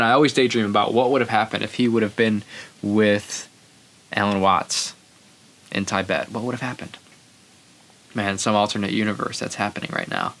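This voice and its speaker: Male podcast host, casual rambling storyteller, gravelly low voice. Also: fairly bright tone. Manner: rambling, loose storyteller acting out quotes.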